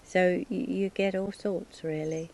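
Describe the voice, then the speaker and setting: A woman's voice: on the low side, fairly even intonation, unhurried, vocal fry, darkish tone, slight background noise, rough recording. A woman with an English accent chatting casually about accents and greetings, laughing often and restarting her sentences. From England. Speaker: English conversation partner. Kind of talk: casual chat.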